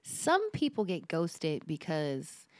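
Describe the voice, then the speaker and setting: A woman co-hosting a podcast, chatting casually and animatedly, laughing and thinking out loud. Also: deep voice, takes it slowly, no room sound, clean studio sound. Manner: animated, laughs often, muses aloud. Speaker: podcast co-host. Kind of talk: casual chat.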